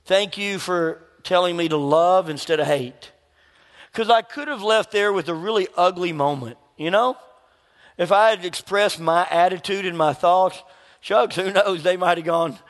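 A man delivers a sermon with a notably high voice, full of animated storytelling where he acts out the people in his anecdotes. His voice rings out with the long reverb of a church hall. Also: normal speed. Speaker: pastor.

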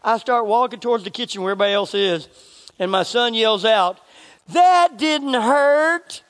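A middle-aged man, preaching a sermon as pastor and telling stories with animated asides. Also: high voice, fast. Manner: storytelling, animated, chuckling asides. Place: church sanctuary. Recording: long reverb of a church hall.

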